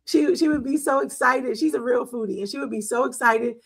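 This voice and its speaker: A woman's voice: sits high, a little fast, breathy edge, low-quality recording. A middle-aged woman hosting a wellness talk, chatting casually and telling stories with frequent laughs and fillers. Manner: chatty, storytelling, laughs often, many fillers. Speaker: wellness show host.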